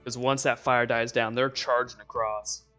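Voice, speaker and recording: A young man narrating as dungeon master in a relaxed, chuckling way. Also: medium pitch, moderate pace, clean tone, soft background music. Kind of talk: narrating a tabletop game.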